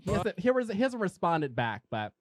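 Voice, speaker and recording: A man hosting a podcast in casual chat, playful and quick to laugh. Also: sits high, big pitch swings, dry recording. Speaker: podcast host. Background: hip hop beat.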